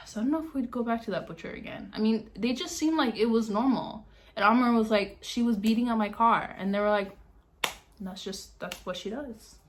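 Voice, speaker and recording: A young woman vlogger telling a dramatic story in a casual, animated way, full of fillers and acted-out sounds. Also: fairly high pitch, moderate pace, slight background noise.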